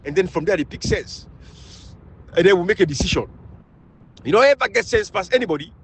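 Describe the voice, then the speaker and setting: A man from Sierra Leone with a Krio accent, delivering a fiery, scolding political rant that swings between loud outbursts and low mutters. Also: lively intonation, fairly quick, poor audio. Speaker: political commentator.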